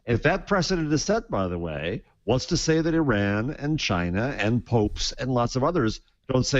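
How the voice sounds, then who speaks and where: A man's voice: medium pitch, very animated, moderate pace, few pauses, dry recording. Indignant man on a dull laptop mic. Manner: indignant, emphatic opinions. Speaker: co-host. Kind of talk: casual panel chat.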